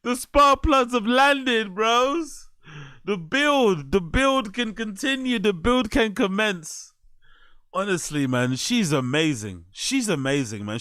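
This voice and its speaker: Rambling male reaction host, crude, lively up-and-down delivery, dry close sound. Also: mid-range voice, no room sound. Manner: crude, rambling, quick to laugh. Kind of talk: reaction commentary.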